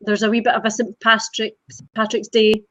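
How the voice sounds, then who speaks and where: A Scottish woman co-hosting a casual live-stream chat, animated and laughing often. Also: medium pitch, fairly quick, no echo, highs cut off. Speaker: co-host.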